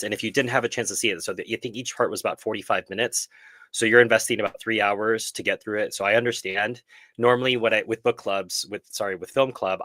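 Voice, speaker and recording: A man's voice: lowish voice, a bit bright, no echo. A man hosting a film club live stream, talking earnestly and reflectively and often correcting himself mid-sentence. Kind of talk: casual live stream discussion.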